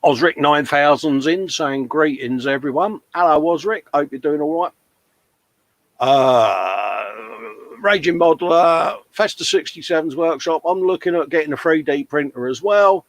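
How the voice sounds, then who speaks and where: A man's voice: a little high, unhurried, no echo. A man hosting a live modelling show, chatting casually, reading out viewer comments and calling everyone mate. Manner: chatty, matey, laughs often.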